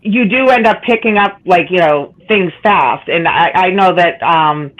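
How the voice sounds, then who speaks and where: A woman with a deep, raspy voice and a Boston accent, talking fast and laughing easily in casual chat. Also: a bit bright, dull audio. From Boston, USA.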